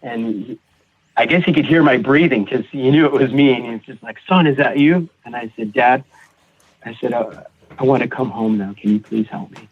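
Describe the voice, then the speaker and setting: A man's voice: medium pitch, steady tone. Man telling his story over a tinny line. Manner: halting, repeats words, acts out quoted voices. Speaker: podcast guest sharing recovery story. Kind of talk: personal storytelling. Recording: tinny phone-like audio.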